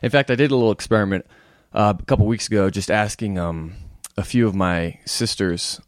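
A man in seminary trading playful banter on a podcast. His voice sits a little low and sounds dry and close to the mic. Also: brisk, dry recording. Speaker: seminarian guest. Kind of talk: casual podcast chat.

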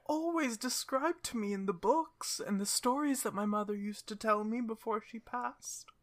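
A woman voicing a sad, gentle cursed young woman who turns into a grizzly bear, with a soft, breathy, higher voice. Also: normal speed, close to an everyday voice. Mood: wistful. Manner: wistful and polite.

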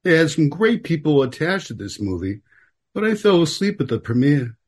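A man's voice: fairly high pitch, big pitch swings, normal speed, darkish tone, slightly rough. A man voicing a chatty old male movie-industry veteran who reminisces and drops names. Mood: reminiscing. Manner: reminiscing, name-dropping.

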